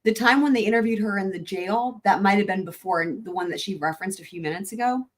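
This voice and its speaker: A woman hosting a live stream, musing out loud about a timeline. She keeps correcting herself and hedging as she talks it through. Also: mid-range voice, fast. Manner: thinking aloud, self-correcting. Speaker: stream host. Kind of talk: live commentary.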